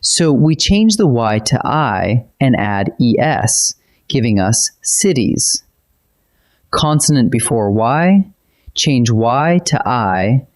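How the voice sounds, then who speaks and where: A man's voice: medium pitch, darkish tone. A man narrating a scripted grammar lesson as a teacher, patiently spelling out letters and rules step by step.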